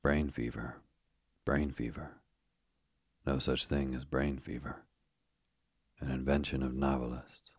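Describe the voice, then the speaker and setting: A gruff, blunt doctor, read by a man in an audiobook. The voice is very deep and even, with short, dismissive phrases, recorded close and dry. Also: slow, pauses often, no room sound, full character voice. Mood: brusque. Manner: curt and dismissive.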